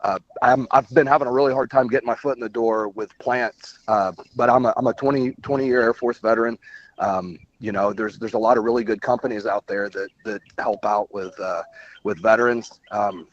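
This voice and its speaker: A man calling into a radio show, hesitant and halting as he speaks. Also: fairly low pitch, steady tone. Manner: hesitant, many ums and restarts. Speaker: caller. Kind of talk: phone call into radio show. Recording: dull lo-fi phone line.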